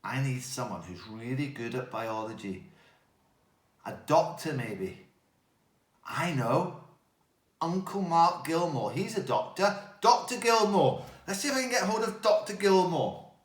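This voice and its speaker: A man giving a playful, animated talk to children. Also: medium pitch, a little slow, echoey room. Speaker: children's speaker.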